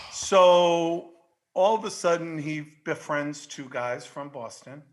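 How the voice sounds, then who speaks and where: A man in his fifties from Queens with a New York accent, telling stories in casual podcast chat, swearing freely and shouting when worked up. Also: on the high side, slow. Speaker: guest.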